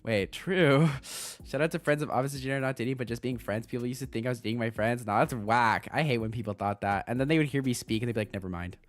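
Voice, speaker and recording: A young man chatting casually on a livestream as a VTuber streamer, excitable, laughing often and swearing freely. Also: medium pitch, quick pace, no echo.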